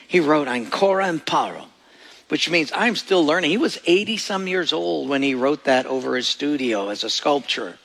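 A man preaching a sermon as pastor, storytelling and acting out voices in his anecdotes, with a gravelly voice. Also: on the high side, animated, normal speed, a bit bright. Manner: storytelling, acts out voices in quoted jokes. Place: church sanctuary. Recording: long reverb of a large hall.

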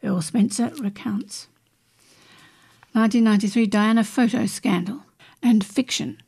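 A woman reading celebrity and royal stories from magazines aloud, in a steady read-aloud manner with brief restarts. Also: on the high side, measured pace, breathy edge. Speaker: news reader.

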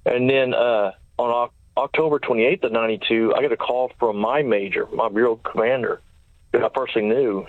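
A man tells his story at a brisk clip, packing in dates and quoted exchanges. His voice sits at an ordinary pitch and comes through a tinny, narrow phone line with no room sound around it. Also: fairly even intonation, no room sound. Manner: fast, detailed recounting with quoted dialogue. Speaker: interview guest, former sheriff's deputy. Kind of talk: storytelling in an interview.

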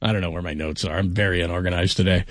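A man's voice: sits low, steady tone, very fast, no echo, clean studio sound. A man filling in as a sports radio host, telling stories in a joking, rambling way with lots of restarts. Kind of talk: casual sports radio chat.

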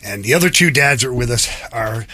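A man's voice: medium pitch, fast. A middle-aged man and youth team coach telling jokey stories in casual chat, acting out the people in them. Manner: jokey, animated storyteller acting out other people. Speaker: youth sports head coach.

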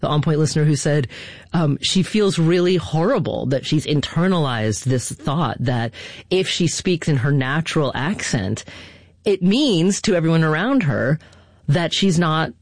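A woman's voice: sits low, lively intonation, unhurried, no room sound. A woman hosting a public radio interview, speaking conversationally with emphatic stress. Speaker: radio show host.

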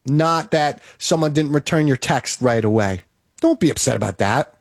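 A man's voice: mid-range voice, lively intonation, moderate pace, dry recording, clean studio sound. A man giving an emphatic, repetitive motivational monologue, coaching the listener.

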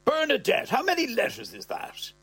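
A man voicing a nervous, pompous old man in a comic story reading, with a high, strained put-on voice. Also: huge pitch swings, normal speed, fairly bright tone, breathy edge, no echo, full character voice. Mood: pleading, gushing. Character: anxious old man, pleading then pompous.

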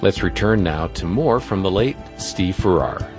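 A man reading a scripted radio announcement in a measured, promotional manner. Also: sits low, animated. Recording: announcement over music bed. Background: music.

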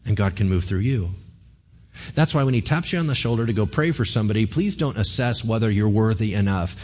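A man's voice: fairly low pitch, lively intonation, fairly quick, a little mellow. A man, a pastor, giving a sermon in a conversational, joking way, often asking the congregation questions.

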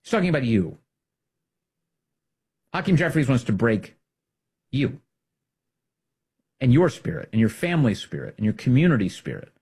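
A middle-aged man delivering an emphatic, combative political commentary monologue, swinging between loud emphasis and hushed asides. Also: medium pitch, very animated, moderate pace, pauses often, husky.

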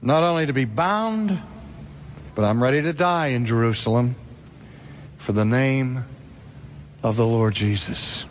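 A man's voice: medium pitch, a little slow, pauses often, a little hiss or hum, close to an everyday voice. A man preacher acting out an impassioned apostle who earnestly pleads with his weeping friends. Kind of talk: preacher acting out a scripture quote.

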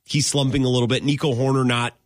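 A man's voice: medium pitch, flat delivery, quick pace, no echo, studio quality. A man hosting a sports podcast, talking casually and animatedly, laughing often and drifting off his point before circling back.

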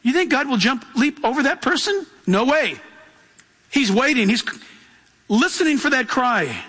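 High, bright-voiced man preaching a sermon. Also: very animated, moderate pace, husky, in a large hall. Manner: emphatic, acts out voices in his telling. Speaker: pastor.

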